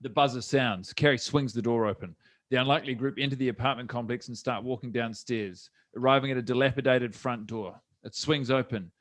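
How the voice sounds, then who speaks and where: A man's voice: mid-range voice, brisk, fairly bright tone, dry recording. A man with a New Zealand accent reading stage directions aloud for a live comedy script reading, dropping wry asides.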